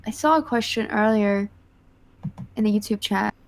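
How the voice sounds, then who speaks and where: A woman's voice: medium pitch, moderate pace, creaky, low-quality recording. A woman with a Southern US accent, chatting casually as a co-host on a livestream podcast and reading out lists of names.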